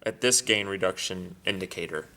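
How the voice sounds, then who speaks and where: A man with a fairly low voice explains a mixing desk step by step, stopping often and restarting his sentences. His voice carries a long reverb, as if recorded in a large hall. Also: steady tone, vocal fry, bright, forceful tone. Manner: halting, with many fillers and restarts. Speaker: sound technician. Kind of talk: instructional walkthrough. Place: church sound booth.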